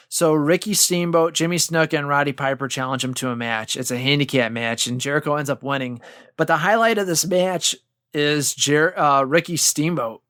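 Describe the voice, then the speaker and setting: A man's voice: on the high side, a bit bright, clean tone, no room sound. A man co-hosting a home-studio podcast, casually retelling wrestling history with lots of fillers and restarts. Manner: rambling recap with many fillers and restarts. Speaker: podcast co-host.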